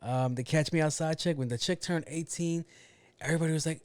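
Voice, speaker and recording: A man's voice: on the high side, brisk, a little mellow, no room sound. A man hosting a casual solo podcast, ranting bluntly with a lot of swearing and grumbling to himself about his own mistakes. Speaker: podcast host.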